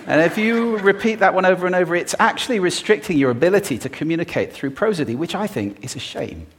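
A man giving a talk on stage to a live audience, playful and expressive, demonstrating vocal techniques as he speaks. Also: fairly high pitch, fairly quick.

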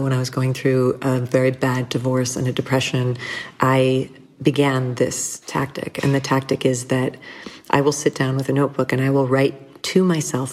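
A woman speaking as an interview guest, reflective and conversational, telling personal stories with small restarts and soft laughs. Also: a bass voice. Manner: thoughtful, warm storytelling with frequent restarts and light laughs.

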